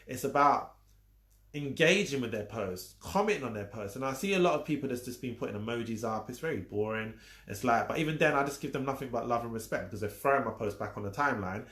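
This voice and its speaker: He's a fast talker with a medium, slightly bright voice, coaching social media viewers live. The teaching is casual but emphatic, full of repeated points and playful teasing, and the sound carries a roomy echo.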